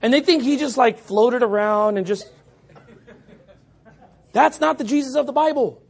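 A man with a very high speaking voice delivers a sermon. He preaches forcefully, raising his voice, and mimics his critics with mocking tones. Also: moderate pace, vocal fry. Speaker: pastor.

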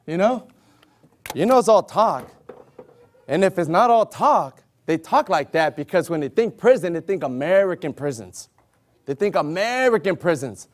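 A man preaching an animated sermon, exclaiming loudly and acting out the voices of the people in his stories. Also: sits high, moderate pace. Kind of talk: animated sermon with acted-out scenes.

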